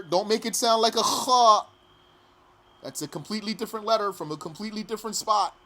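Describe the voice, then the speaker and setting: A man teaching pronunciation patiently, repeating each phrase slowly and sometimes chanting it. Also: high-pitched, pushed and bright. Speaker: recitation teacher. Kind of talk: pronunciation lesson.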